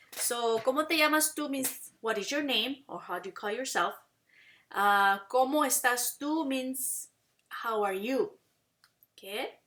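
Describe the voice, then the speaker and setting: A woman teaching a Spanish lesson in English, explaining patiently and saying Spanish phrases slowly and clearly for learners to repeat. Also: mid-range voice, fairly bright tone. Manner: explains patiently, asks "okay?" and "right?" to check understanding. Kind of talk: classroom language lesson.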